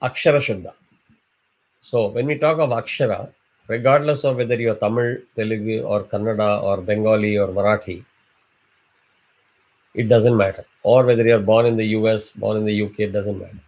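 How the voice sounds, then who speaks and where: A man's voice: on the low side, steady tone, a little fast, a little mellow. A man teaching a chanting class, explaining patiently and drawing out syllables as examples. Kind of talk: online class instruction.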